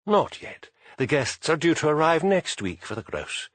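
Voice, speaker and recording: A man's voice: a little high, very animated, moderate pace, a bit bright, no room sound, voice pushed up. A man doing a grizzled old butler. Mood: dour.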